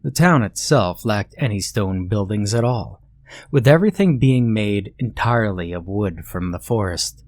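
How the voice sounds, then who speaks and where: A man reading a horror story aloud as scripted narration, steady and measured. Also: fairly low pitch.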